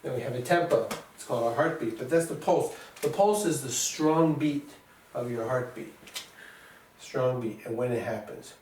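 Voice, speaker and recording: A male music teacher patiently explains beats, counting aloud and sounding out rhythms. He speaks in a middle-pitched voice from some distance off the mic. His voice rings around an echoey classroom with a faint hiss behind it. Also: moderate pace, a little mellow.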